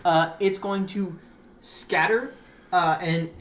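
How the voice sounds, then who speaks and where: A woman's voice: fairly low pitch, steady tone, takes it slowly, reverberant, a little hiss or hum. A woman running a tabletop game as game master, describing the action with many "like" fillers.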